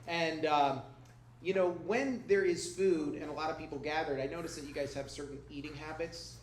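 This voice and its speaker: A middle-aged pastor with a slightly high voice speaks at a moderate pace, delivering a conversational, humorous sermon full of personal stories to a congregation in a church hall. He acts out the voices he quotes, and the room sounds echoey with faint noise.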